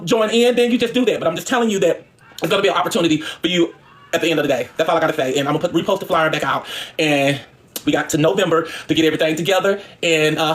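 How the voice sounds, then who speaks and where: A Southern woman talks straight to her viewers from her home kitchen, words tumbling out quickly. She rambles and circles back to repeat the same point, loose and informal. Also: on the low side. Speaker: home cooking vlogger. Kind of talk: casual chat to viewers.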